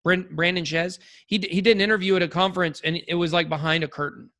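Guy cohosting a podcast, pretty high voice, rambles and jokes around, lots of "like". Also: steady tone, fast, pushed and bright. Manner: rambling, joking, with many restarts and "like" fillers. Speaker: podcast co-host. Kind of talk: casual podcast chat.

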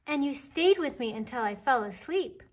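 A woman voicing a small, curious young male bear cub in a children's storybook reading, eagerly asking question after question in a breathy voice. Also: high voice, expressive, normal speed, voice pushed up.

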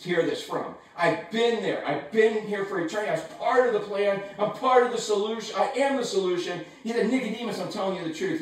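A man preaching a sermon from his home in a casual, animated way with slangy asides. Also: high-pitched, heavy reverb, distant mic, rough recording. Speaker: pastor.

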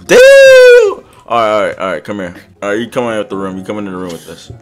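A young man streaming a game, chatting loudly with friends and yelling out excited exclamations. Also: sits low, racing. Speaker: gaming streamer.

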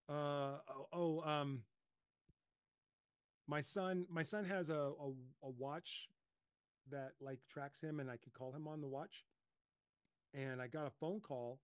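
A middle-aged man hosting a casual coaching talk, telling lively stories and acting out his own panicked voice. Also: fairly high pitch, clean tone, no room sound. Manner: animated storyteller, acts out his own panicked voice. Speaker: host.

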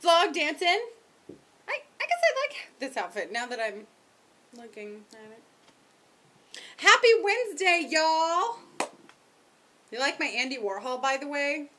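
A young woman chatting casually to her camera at home, rambling and self-mocking, talking loudly with headphones on. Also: high voice, very animated, moderate pace. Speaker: vlogger. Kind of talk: casual chat. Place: home, indoors.

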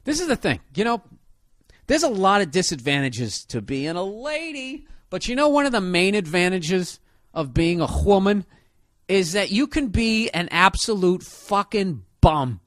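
A man's voice: high voice, sing-song, a little slow, a bit bright, dry recording, studio quality. A man comedian delivering a profane, sarcastic rant in a casual monologue style. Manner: ranting, sarcastic, heavy swearing.

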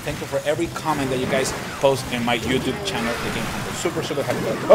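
A young man with a Chilean Spanish accent, a tired but excitable gaming streamer who laughs often and repeats himself while commenting on matches. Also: medium pitch, fairly quick. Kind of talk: live-stream game commentary. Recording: clear background music. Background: music.

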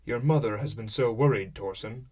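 A man voicing a hearty, showy middle-aged merchant father who talks with booming, forced cheer. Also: moderate pace, darkish tone, close to an everyday voice. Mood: pressing. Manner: booming, jovial, with fake cheer. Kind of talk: audiobook character voice.

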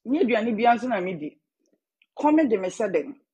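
A woman's voice: mid-range voice, sing-song, normal speed, warm tone, husky, lo-fi sound. A woman with a Ghanaian accent chatting casually to her viewers while she eats, drifting between English and Twi. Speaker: vlogger. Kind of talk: casual eating-show chat.

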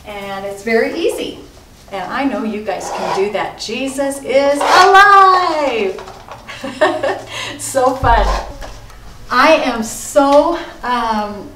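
A middle-aged woman teaching a children's church lesson, gentle and sing-song, with bursts of excitement. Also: mid-range voice, far from the mic. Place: church room. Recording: echoey room, voice from off-mic, soft music behind.

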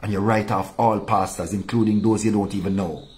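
A male pastor delivering an impassioned, rebuking sermon, dropping low and soft to drive points home. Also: fairly even intonation, a little fast, slight background noise.

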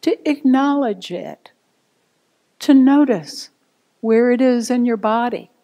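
A woman meditation teacher, giving a gentle, unhurried dharma talk to a group. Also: a little high.

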